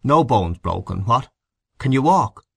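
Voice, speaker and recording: A man reading a story aloud, voicing a sociable gentleman who greets and reassures a hurt friend in a hearty manner. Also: medium pitch, big pitch swings, unhurried, gravelly, slightly rough, dry recording, exaggerated voice.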